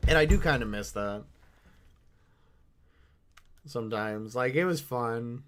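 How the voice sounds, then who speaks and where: A man's voice: mid-range voice, slow pace. A man streaming a game, telling rambling stories and quoting others in a raised voice, swearing freely. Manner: rambling, animated storytelling with mimicked quotes. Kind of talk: casual gaming stream chat.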